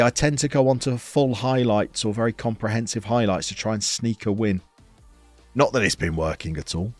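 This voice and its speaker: A man, live-streaming a football game, reading out viewers' messages and commenting on the match in a chatty, playful way with sudden bursts of excitement. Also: on the low side, dry recording. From England.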